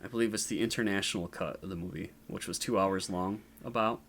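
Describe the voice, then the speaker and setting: A man's voice: on the low side, fast talker, a bit bright, slight background noise. A man co-hosting a casual movie review podcast, rambling with frequent fillers and restarts. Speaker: podcast co-host.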